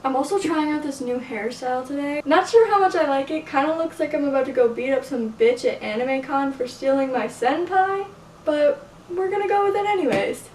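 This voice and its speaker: A woman's voice: high voice, brisk, darkish tone. A woman vlogging from her bedroom, telling stories in a chatty, profane way and saying "like" constantly. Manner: chatty, profane, filler-heavy, says "like" constantly. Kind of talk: casual storytelling to camera. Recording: echoey room, mic at a distance, faint hiss.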